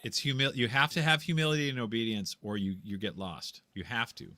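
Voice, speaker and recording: A man's voice: mid-range voice, fairly even intonation, a little fast, pushed and bright. A man in a casual debate, speaking bluntly and insistently in a preachy, lecturing way. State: tired after a long talk. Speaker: guest.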